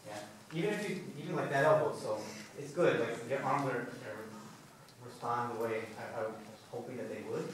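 A man's voice: mid-range voice, normal speed, a little hiss or hum. A male salsa instructor counting beats aloud and explaining moves to a class in a casual, loose way. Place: dance studio, indoors. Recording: echoey studio from a distant camera.

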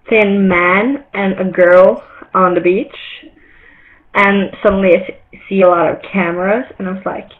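A woman telling a story hesitantly over a video chat. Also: mid-range voice. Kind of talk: casual anecdote. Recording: tinny video-call audio, faint hiss.

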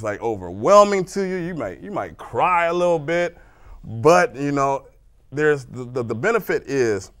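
A man who works as a life coach, co-hosting a local TV talk show in the studio. He speaks with repeated starts before he lands firm, quotable lines. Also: mid-range voice. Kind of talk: motivational studio chat.

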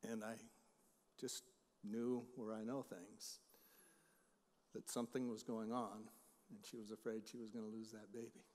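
Man, middle-aged pastor, sermon, loud then hushed, long church reverb. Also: fairly low pitch, little pitch movement, normal speed, pauses often. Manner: swings from loud emphatic preaching to quiet storytelling. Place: church sanctuary.

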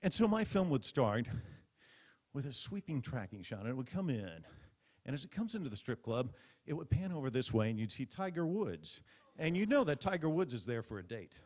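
A man's voice: medium pitch, sing-song, fairly quick, darkish tone. A man doing stand-up comedy on stage, telling a mock-dramatic story into a stage microphone. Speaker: comedian at a press club roast. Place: stage before a live audience.

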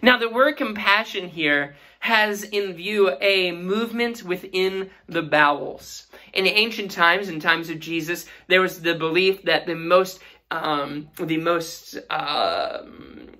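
A woman's voice: fairly low pitch, slow pace, bright, forceful tone. A woman teaching a Sunday school Bible lesson in an earnest way, asking her listeners questions.

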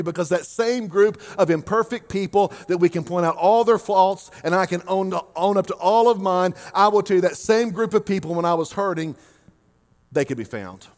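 Animated high-voiced pastor preaching. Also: male voice. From Oklahoma. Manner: animated, joking, swings between loud and quiet, drawn-out emphasis. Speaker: lead pastor. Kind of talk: sermon.

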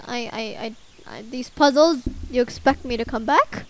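A young woman hosting a gaming video, reacting emotionally and loudly to what happens in the game. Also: a little high, normal speed, hardly any pauses. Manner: excitable, emotional, shouting at characters. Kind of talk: let's play commentary.

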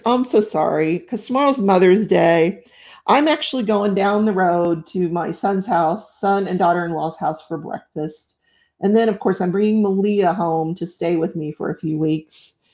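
A woman's voice: medium pitch, darkish tone. A middle-aged woman hosting a live stream, chatting casually and effusively while she crafts, greeting viewers with lots of exclamations. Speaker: livestream host.

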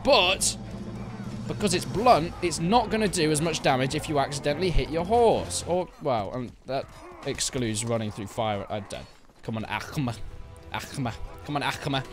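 A young man giving jokey, excitable commentary while playing a video game. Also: fairly high pitch, moderate pace, over music. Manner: excitable, jokey, yelps and laughs at the action. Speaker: gaming YouTuber. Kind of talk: live gameplay commentary.

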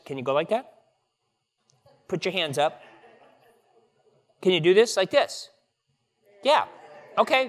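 Man, pastor, church service, playful children's message, high voice. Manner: upbeat and playful with children, loose and chatty. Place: church sanctuary.

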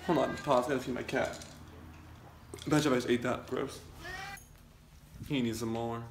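A man's voice: medium pitch, fairly even intonation, a little slow, long pauses, echoey room, slight background noise. A young man rambling casually to camera in his home kitchen, chatty and self-deprecating. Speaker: vlogger. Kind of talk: casual vlog chat.

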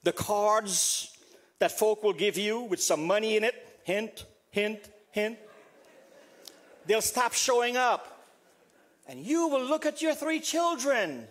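A man's voice: sits high, animated, slow pace, fairly bright tone. An older man with a Southern US accent preaching a funeral sermon, with dramatic swings in his delivery. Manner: preaching with dramatic swings, acting out quoted voices. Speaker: pastor.

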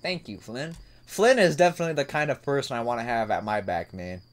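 A man's voice: mid-range voice, lively intonation, a little fast. A man casually commenting on a dating sim as he plays, chuckling and talking to his viewers. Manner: laid-back, chuckling, talks to viewers while reading a visual novel. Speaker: gaming video host. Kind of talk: casual let's-play commentary.

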